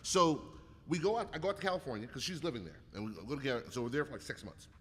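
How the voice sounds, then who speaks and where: A bright, lively man rattles off profane comic stories, jumping between his own voice and the people he quotes. He sounds short on sleep. His voice carries a long hall reverb. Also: medium pitch, racing. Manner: animated, profane, acts out quotes. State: sleep-deprived. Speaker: comedian guest. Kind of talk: casual comedic storytelling.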